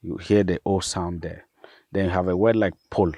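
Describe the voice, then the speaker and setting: A man, a pastor, patiently explaining vowel sounds and repeating each example word slowly. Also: deep voice, steady tone, warm tone, no room sound. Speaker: pastor and language teacher.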